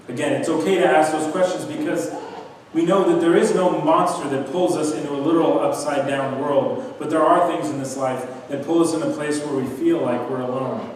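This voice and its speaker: A pastor delivers an earnest sermon in a steady mid-range man's voice, pressing his points through repetition. His words echo through a large church sanctuary, picked up from a distance with a faint hum of room noise. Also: medium pitch. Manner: earnest, emphatic, builds to repeated points. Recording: echoey church hall from far off.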